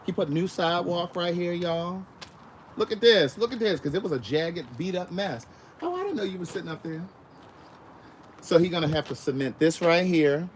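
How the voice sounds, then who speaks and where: A man hosting a casual outdoor livestream, talking directly to his viewers in an animated, chatty way. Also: high-pitched, normal speed, a little hiss or hum. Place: outdoors in a yard.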